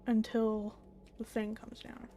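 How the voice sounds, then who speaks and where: A woman's voice: a little high, completely flat delivery, slow. A young woman casually chatting and swearing through live game commentary at home, stopping to coo at her pet. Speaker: streamer. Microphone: desk microphone. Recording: loud background noise.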